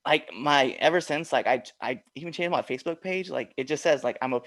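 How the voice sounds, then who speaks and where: A man hosting a wrestling podcast, telling a story in a casual, animated way and acting out dialogue. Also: a little high, fairly quick. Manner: animated storyteller, acts out dialogue, many fillers. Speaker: podcast host and pro wrestler.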